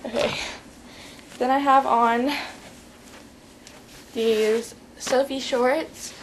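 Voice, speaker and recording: A woman's voice: a little high, a little hiss or hum, low-quality recording. A teenage girl giving a rambling, chatty vlog tutorial, full of fillers. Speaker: vlogger.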